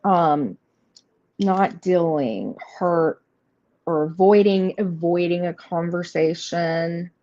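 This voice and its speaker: On a live tarot stream, a woman with a lowish, warm voice speaks slowly, chatting casually and rambling through the cards with lots of fillers. She talks straight to her viewers in a reassuring manner. Faint noise accompanies the slightly muffled audio.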